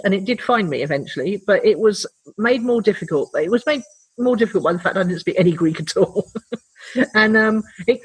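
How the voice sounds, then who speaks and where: Slightly husky woman, wry and dry. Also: medium pitch, rough recording. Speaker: podcast co-host. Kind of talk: casual chat.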